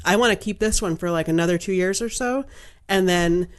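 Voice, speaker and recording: A woman's voice: on the low side, brisk. A middle-aged woman from Maine co-hosting a podcast, telling a story in casual chat and acting out the people in it with lots of laughter. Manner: animated storyteller, acts out quoted voices, laughs often. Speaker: podcast co-host.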